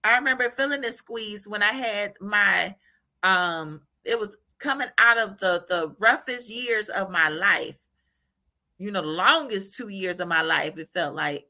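A woman giving an informal devotional talk, animated, often laughing and asking "right?" as she encourages listeners. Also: medium pitch, unhurried. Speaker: faith encourager.

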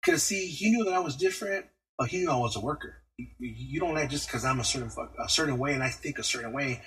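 Husky, profane man ranting. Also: medium pitch, quick pace, a bit bright, low-quality recording. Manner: profane, slangy storytelling. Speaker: podcast host. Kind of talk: casual rant.

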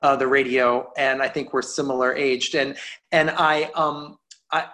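A man's voice: mid-range voice, steady tone, unhurried, pushed and bright. A man hosting an interview, enthusiastic and rambling through his questions. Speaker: host.

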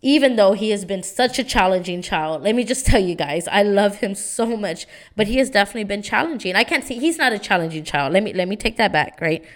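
A young woman hosts a podcast of casual, motivational talk about parenting, speaking earnestly and tagging many of her points with "right?". Her medium-pitched voice is briskly paced and lively in intonation, with few pauses.

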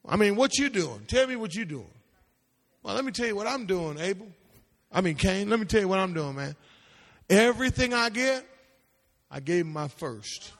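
Male pastor-teacher with a high voice, animated preaching cadence, in a reverberant hall. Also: moderate pace. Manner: animated, calls out to the audience, sing-song rises into shouts. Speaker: pastor teaching a seminary class. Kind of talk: preaching-style Bible teaching.

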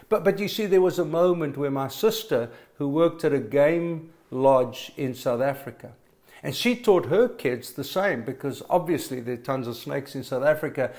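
A man's voice: mid-range voice, expressive, a little slow, a little mellow. A middle-aged man preaching a sermon, telling stories with emphatic stammered restarts. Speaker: pastor.

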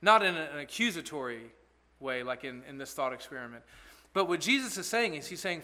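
A man's voice: a little high, very animated, a little fast, bright, forceful tone. A male pastor giving an expository sermon in an earnest, conversational way, asking rhetorical questions.

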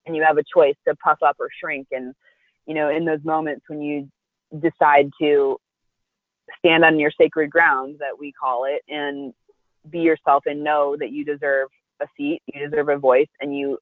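A woman, a restaurant founder, telling a personal story in an interview, animated and acting out the voices of the people she quotes. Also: low voice, dry recording, phone-quality sound. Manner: conversational, with frequent "like" and restarts.

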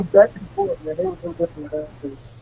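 A young man and former college football player, telling stories as an interview guest in a relaxed way, often laughing and repeating words. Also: very high voice, quick pace, vocal fry, slightly rough, muffled recording. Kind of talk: casual interview.

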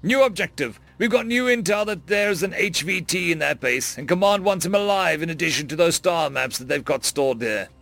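A man's voice: on the high side, normal speed, creaky, few pauses, fairly bright tone, faint music behind, pitched above the performer's own voice. A man voicing a male soldier who leads his squad, speaking in clipped, commanding orders.

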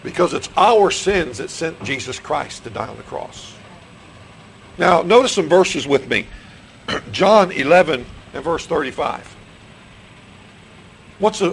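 Gravelly-voiced pastor preaching a sermon, a man. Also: on the high side, slight background noise, low-quality recording. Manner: repeats questions to the congregation, restarts phrases. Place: church sanctuary.

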